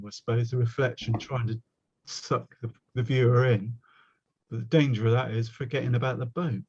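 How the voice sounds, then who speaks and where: A man with a West Country accent rambles his way through a watercolour lesson, chatting and poking fun at himself as he goes. He speaks at a middling pitch, and the video-call audio sounds dull and lo-fi. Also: a little mellow. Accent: West Country English. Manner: rambling, chatty, self-mocking. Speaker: watercolour painting teacher. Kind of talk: casual online workshop teaching.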